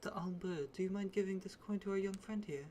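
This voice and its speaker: A woman voicing a theatrical older male card sharp in a put-on mock French accent, grand and courtly. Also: mid-range voice, a little fast, a little hiss or hum, lightly acted. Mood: suave. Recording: clear game music behind.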